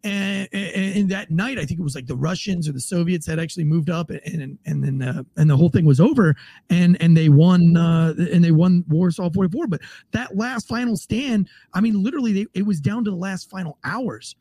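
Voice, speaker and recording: A man hosting a casual political podcast, telling stories in a profane, rambling, excitable way. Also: high voice, brisk, husky. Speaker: podcast host.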